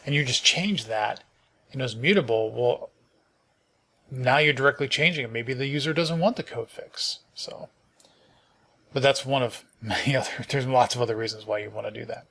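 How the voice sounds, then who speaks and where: A middle-aged man at a mid-range pitch talks through programming notes on a casual stream, his voice carrying a gravelly edge. He sounds tired and yawning. He reads passages aloud, then trails off into thinking aloud with fillers and false starts. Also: normal speed, bright, forceful tone. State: sleepy, yawning. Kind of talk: casual live-coding stream, reading docs aloud.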